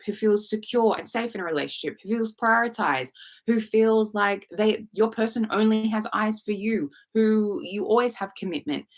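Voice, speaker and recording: A woman's voice: mid-range voice, fairly bright tone. A woman coaching on a live stream, talking bluntly and sassily, swearing freely and acting out quoted inner thoughts. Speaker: manifestation coach.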